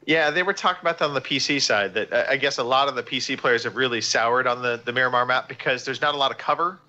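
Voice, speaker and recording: A man's voice: mid-range voice, fast, highs cut off. A man hosting a podcast in casual chat, telling stories animatedly and acting out the quoted lines. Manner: animated storyteller who acts out quoted lines. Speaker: podcast host.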